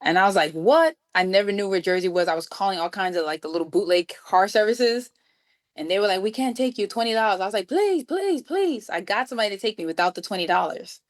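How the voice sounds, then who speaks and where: A woman from New York City, a guest musician, telling a story with lively acted-out dialogue. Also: on the low side, quick pace. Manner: acts out quoted dialogue with lively voices. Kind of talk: animated storytelling.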